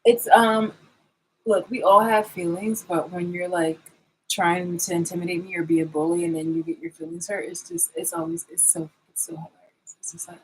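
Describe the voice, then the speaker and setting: A woman's voice: fairly low pitch, fairly even intonation, normal speed, breathy edge, low-quality recording. A woman vlogger in a rambling, sarcastic rant, swearing and restarting her sentences as she calls people out. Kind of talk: confrontational vlog rant.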